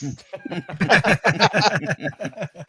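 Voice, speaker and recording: A man's voice: high-pitched, drawn-out words, pushed and bright, slightly rough, no room sound, heavily acted. A man doing a brash bodybuilder impression. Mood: joking. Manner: brash, boastful, rambling, trash-talking. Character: boastful muscle-bound Austrian bodybuilder, adult man. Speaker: podcast guest doing an impression. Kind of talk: comedic impression in podcast chat.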